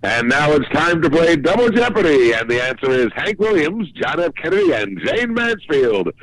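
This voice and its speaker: A man's voice: on the high side, big pitch swings, normal speed, fairly bright tone, no echo, voice pushed up, rough recording. A man putting on a corny, perky game show host voice with sing-song announcing. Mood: hammy.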